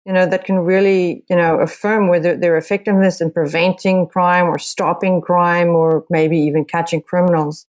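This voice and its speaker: A woman's voice: lowish voice, level tone, moderate pace, hardly any pauses, a little mellow. Earnest woman journalist. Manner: earnest, searching, many restarts. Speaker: journalist guest. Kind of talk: podcast interview.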